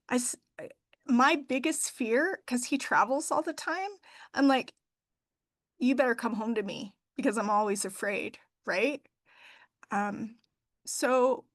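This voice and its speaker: A middle-aged woman, a funeral director, talking heartfelt about her work and faith with many pauses and fillers. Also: high-pitched, a bit bright, dry recording. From Idaho. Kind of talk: emotional interview talk.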